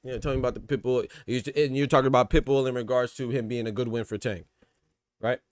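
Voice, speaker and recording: Fast-talking stuffed-up male podcast host. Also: medium pitch, fairly even intonation, no room sound, clean studio sound. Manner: rambling, repeats words, talks to chat. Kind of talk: casual boxing podcast chat.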